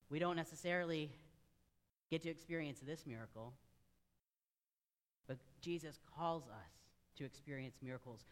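Earnest male preacher in a reverberant church. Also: fairly high pitch. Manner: earnest, conversational preaching with direct asides to the congregation. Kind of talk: sermon. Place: church sanctuary. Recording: long reverb of a large room.

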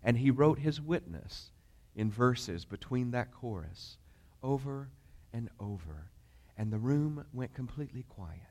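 A man's voice: mid-range voice, lively intonation, a little slow, darkish tone. A man preaching as pastor, telling a story in a conversational way with many fillers and putting questions to the congregation. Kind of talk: storytelling sermon.

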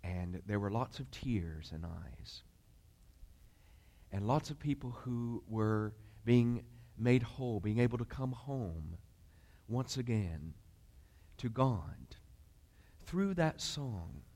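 A man's voice: mid-range voice, animated, slow pace, long pauses, mellow. A man preaching as pastor, telling a story in a conversational way with many fillers and putting questions to the congregation. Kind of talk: storytelling sermon.

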